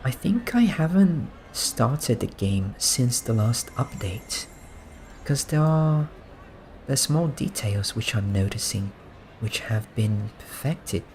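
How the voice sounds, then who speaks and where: A man giving relaxed, soft-spoken gameplay commentary, musing and amused as he points things out. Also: medium pitch, slow pace, a little hiss or hum. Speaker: gaming streamer.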